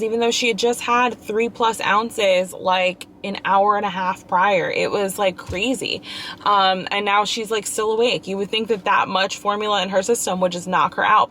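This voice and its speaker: A young woman casually vlogging about her day with her newborn, chatty and laughing often, at times cooing softly to the baby. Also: mid-range voice, a little hiss or hum. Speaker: vlogger mom. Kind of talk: casual vlog talk to camera.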